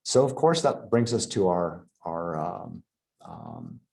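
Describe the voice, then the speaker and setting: A man giving a local history lecture over slides, pausing often with fillers and restarting his sentences. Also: deep voice, wildly swooping pitch, creaky, warm tone. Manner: halting, many fillers and restarts.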